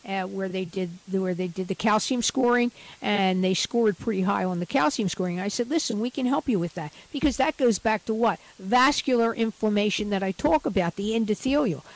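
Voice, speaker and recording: Gravelly-voiced woman doctor on talk radio. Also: mid-range voice, rough recording. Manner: animated, frank and laughing.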